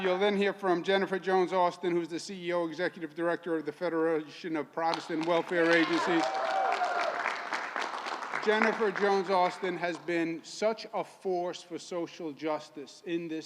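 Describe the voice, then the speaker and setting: A man's voice: fairly high pitch, steady tone, moderate pace, in a large hall, a loud crowd, very noisy. A man in his sixties with a Queens, New York accent, giving a folksy, emphatic public speech as a state governor. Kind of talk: public speech at a press event. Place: public event in a neighborhood, with a crowd.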